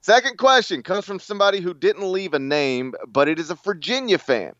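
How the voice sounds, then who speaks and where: A man's voice: sits high, lively intonation, fairly quick, a bit bright, no room sound, highs cut off. An American man co-hosting a casual sports podcast, bantering with laughs and a self-deprecating manner. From United States. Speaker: podcast co-host.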